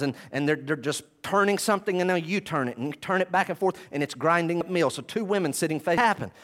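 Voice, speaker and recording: A man's voice: high-pitched, a bit bright. A man preaching a sermon, teaching through a Bible passage verse by verse and repeating key phrases for emphasis. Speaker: pastor.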